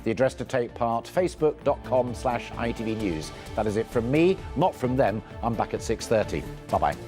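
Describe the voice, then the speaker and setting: A male news anchor speaks with a swinging, expressive pitch in an upbeat, playful manner. He is interviewing guests live in a TV studio. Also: normal speed, over music.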